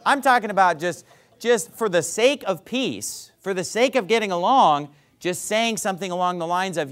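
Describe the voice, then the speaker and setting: A male pastor preaching a sermon to his congregation, asking rhetorical questions and dropping his voice softly to act out apologies. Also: very animated, normal speed. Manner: drops to a soft low voice to act out apologies.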